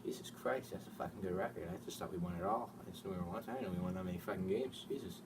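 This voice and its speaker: A man's voice: deep voice, rapid-fire, background noise. A man talking as an interviewed sports fan, brash and profane. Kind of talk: casual mock interview. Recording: distant mic with clear ambience.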